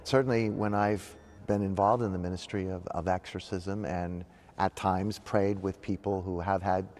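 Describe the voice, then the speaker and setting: A Catholic priest answering interview questions in a calm, earnest and deliberate way. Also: male voice, deep voice.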